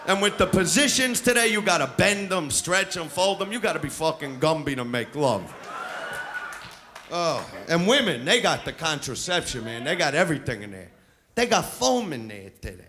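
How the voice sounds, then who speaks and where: A man's voice: a little high, sing-song, moderate pace, pushed and bright, slight background noise. A male stand-up comedian with a brash, crude, swaggering delivery on a comedy club stage. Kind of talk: live stand-up set. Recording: live club recording with crowd laughter.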